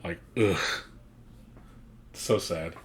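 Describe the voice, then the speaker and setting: A man's voice: low-pitched, drawn-out words, slight background noise. A man streaming a game, chatting casually with a blunt, profane, ranting manner. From United States. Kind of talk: casual chat.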